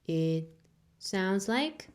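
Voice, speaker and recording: Patient woman teacher, native Korean speaker, extremely slow and deliberate delivery, drills each sound again and again for beginners. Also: mid-range voice, very animated. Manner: patient, repeats each sound several times for learners. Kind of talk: beginner language lesson.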